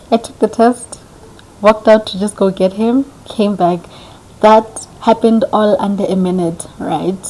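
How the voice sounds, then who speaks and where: A young woman vlogger telling a story casually, chatty and animated, acting out what people said. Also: medium pitch, rough recording. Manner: animated, chatty, acts out quoted dialogue.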